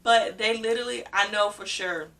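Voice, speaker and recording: A young woman with a bright, clear voice tells a personal story to her vlog audience. She talks casually and with animation, laughing often and leaning on the word "literally". She sits a bit back from the microphone. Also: mid-range voice, steady tone, normal speed. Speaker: vlogger. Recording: voice a bit far from the mic.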